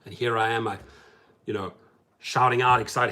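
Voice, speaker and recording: A man hosting a casual livestream chat from his parked car, talking emphatically and then dropping to a soft, subdued tone. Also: fairly low pitch, steady tone, moderate pace. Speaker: rideshare driver and channel host.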